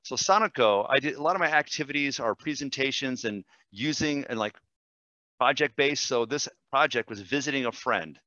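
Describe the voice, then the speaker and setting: A man, a language teacher, demonstrating software in a webinar, enthusiastic and quick, with fillers and self-corrections. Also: medium pitch, lively intonation, dry recording, muffled recording. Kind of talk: screen-share webinar demo.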